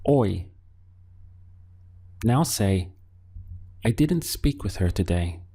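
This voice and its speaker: A man teaching a Spanish lesson, giving patient prompts and leaving pauses for the learner to answer. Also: on the low side, animated, dark tone. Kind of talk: language lesson.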